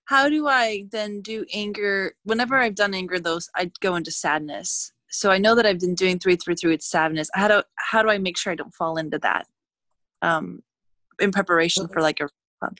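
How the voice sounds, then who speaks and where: A woman's voice: mid-range voice, moderate pace, a bit bright, dry recording. A woman on a group call, speaking hesitantly with many fillers as she asks questions. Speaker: participant.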